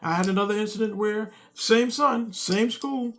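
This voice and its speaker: Brief: father doing a comic storytelling monologue, high-set, gravelly voice, animated delivery. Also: normal speed. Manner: animated, acts out both sides of the dialogue.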